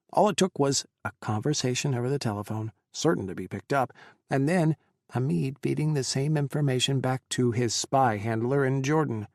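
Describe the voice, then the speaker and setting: A male audiobook narrator with a gravelly, textured voice at a mid pitch. His dramatic reading is measured and even. The sound is dry and close, with no room around it. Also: no echo.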